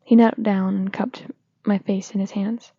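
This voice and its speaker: A woman reading fanfiction aloud in a steady, plain voice. Her tone is mellow with a gravelly texture and a flat, even pitch. The recording is dry and slightly dull. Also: unhurried, no echo. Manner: steady, plain reading with small slips and restarts. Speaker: fanfiction reader.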